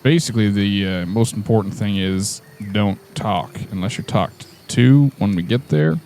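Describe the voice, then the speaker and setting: Very low-voiced man role-playing a leader. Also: normal speed, darkish tone, a little hiss or hum. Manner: earnest, hesitant with many fillers. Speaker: player. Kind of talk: in-character tabletop role-play.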